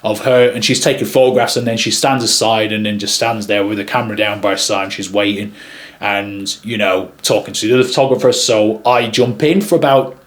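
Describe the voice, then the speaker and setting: A man who works as a wedding videographer, telling a story to camera in a chatty, rambling way with frequent pauses. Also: fairly low pitch, fairly even intonation, a bit bright.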